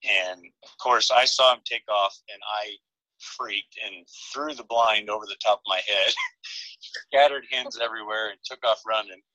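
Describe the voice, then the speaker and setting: A man with a low, deep voice tells a story as a podcast guest. His tone is very bright and forceful, and the sound is dry and close. He keeps it casual and animated and laughs often. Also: moderate pace, no echo, muffled recording.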